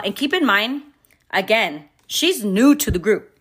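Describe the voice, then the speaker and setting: A young woman and mother telling a personal story in a candid, expressive way, swearing freely. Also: mid-range voice, a little slow, slightly rough. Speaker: vlogger and mother. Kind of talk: casual storytime.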